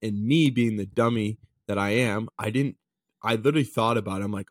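A man's voice: on the low side, fairly quick, no room sound, studio quality. A man in his twenties co-hosting a podcast, laid-back and casual, swearing freely and often saying dude. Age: 20s. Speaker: podcast co-host. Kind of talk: casual chat.

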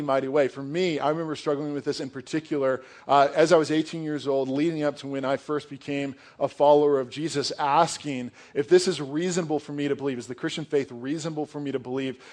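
A man's voice: fairly high pitch, fairly even intonation, fairly quick, hardly any pauses. Earnest young male pastor preaching casually. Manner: conversational, earnest, casual asides with "like". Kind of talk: sermon.

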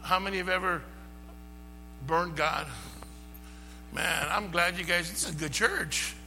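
A man preaching a sermon to his church, passionate and rising to shouts. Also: sits high, measured pace, vocal fry, long reverb tail, over music, rough recording. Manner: impassioned, builds to shouting. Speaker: pastor.

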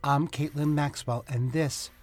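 A man's voice: on the high side, steady tone, unhurried, a little mellow, soft background music, pitched above the performer's own voice. A man voicing a cheerful, teasing young woman in a read-aloud story. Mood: playful.

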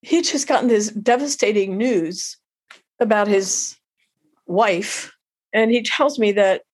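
A middle-aged woman tells an emotional personal story as an interview guest, halting and heartfelt, often restarting her sentences. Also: medium pitch, a little mellow.

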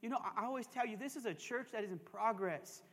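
High-voiced male pastor preaching in a reverberant church. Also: fast, a bit bright. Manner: emphatic preaching with call-and-response asides; joking, conversational asides. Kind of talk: sermon. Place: church sanctuary. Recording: long reverb of a church hall.

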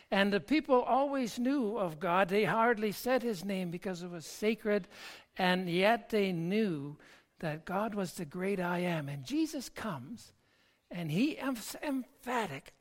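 A pastor preaching an earnest, reflective sermon with a halting delivery that often repeats words. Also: mid-range voice, lively intonation. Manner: slow, halting delivery with frequent word repeats.

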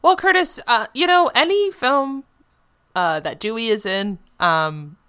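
A woman co-hosting a podcast, chatting in an animated, giggly way. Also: on the high side, unhurried, clean tone. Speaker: podcast co-host. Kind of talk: casual chat.

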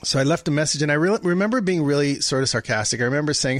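This man, a guest in casual conversation, speaks very fast in a voice on the high side, animatedly telling an anecdote and acting out quoted dialogue. The recording is dry and studio quality.

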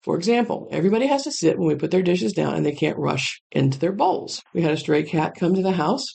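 A middle-aged woman who runs a dog kennel, telling rambling stories in a chatty, casual way with lively asides. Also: fairly low pitch, fast, creaky, breathy edge. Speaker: kennel owner. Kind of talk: casual storytelling monologue.

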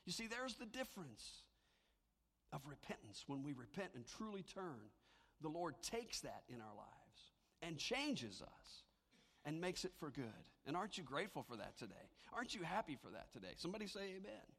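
A man's voice: fairly high pitch, moderate pace, breathy edge. Man preaching in an echoing hall. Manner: animated preaching, dropping to a hushed near-whisper for emphasis. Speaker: pastor. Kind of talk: sermon.

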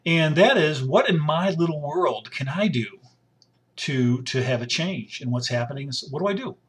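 A man's voice: fairly high pitch, animated, normal speed. A middle-aged man giving blunt, rambling casual commentary on his own, often repeating himself and breaking off mid-sentence.

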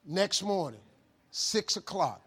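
A man giving a motivational talk, telling a story with lively shouted bits where he acts out phone calls. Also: high-pitched, slow pace, slightly rough. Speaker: motivational speaker.

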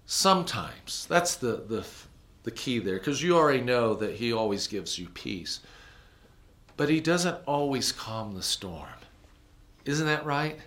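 A man preaching a sermon, moving between loud emphatic passages and hushed, low ones. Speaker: pastor.

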